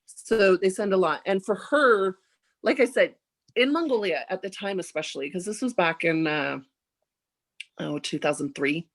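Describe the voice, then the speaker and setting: A woman in her forties, a podcast guest telling a story in a casual way and acting out what people said with big jumps in her voice. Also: moderate pace. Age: 40s. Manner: animated, acts out quoted dialogue with big jumps in pitch.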